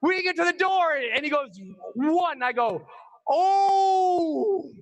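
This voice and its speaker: A man giving an energetic storytelling talk at a live event, acting out scenes and shouting the dramatic parts. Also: very high voice, normal speed, lo-fi sound. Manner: animated, acts out scenes and screams. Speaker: motivational speaker.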